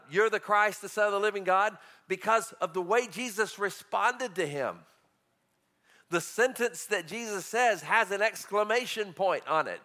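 Bright-voiced, high-pitched male preacher. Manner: conversational, animated preaching with chuckles. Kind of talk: sermon.

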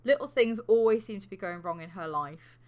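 A woman's voice: mid-range voice, fairly quick. A woman co-hosting a podcast, telling a true crime story in a casual, sweary, jokey way. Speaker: podcast co-host.

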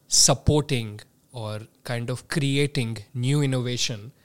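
A man from southeast India, a guest on a podcast, explaining politely and thinking aloud. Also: mid-range voice. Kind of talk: conversational explanation.

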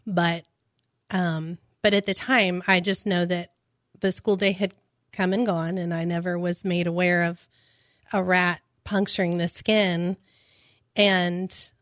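A woman, a parent, telling her story on a radio talk show, hesitant and halting with many restarts. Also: lowish voice, little pitch movement, fairly bright tone, no room sound, studio quality. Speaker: guest, parent.

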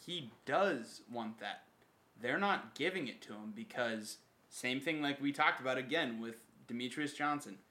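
A man's voice: medium pitch, a little slow, bright, forceful tone. A man hosting a casual podcast chat, emphatic and opinionated, swearing freely. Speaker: podcast host.

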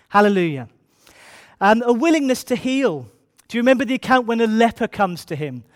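A man preaching a sermon, reading scripture slowly and then hurrying through his asides, often repeating key phrases. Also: high-pitched.

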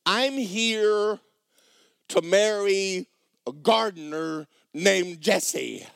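A man preacher voicing a bewildered young woman who protests loudly in a raised, high voice. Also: animated, drawn-out words, gravelly, dry recording, studio quality, heavily acted. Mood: pleading, bewildered. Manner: high-pitched, loud, pleading.

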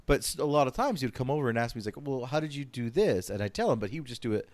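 A man's voice: mid-range voice, big pitch swings, very fast, no echo. A man chatting casually as a podcast co-host, rambling and swearing freely. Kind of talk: casual chat.

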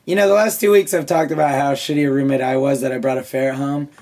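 A man's voice: mid-range voice, steady tone, fast talker, gravelly, crowd noise. A young man co-hosting a podcast, talking loosely with profane, laughing banter. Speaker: podcast co-host. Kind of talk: casual chat.

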